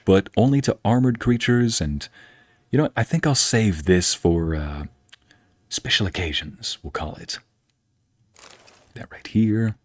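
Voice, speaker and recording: A man's voice: fairly low pitch, a little mellow, breathy edge, no echo. A man streaming a video game, chatting easily as casual game commentary. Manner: chatty and easygoing.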